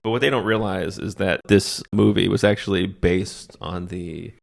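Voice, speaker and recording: A middle-aged man, a comedian hosting a podcast, recapping a movie with animated delivery and laughing at his own jokes as he acts out the characters' lines. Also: low voice, normal speed, gravelly.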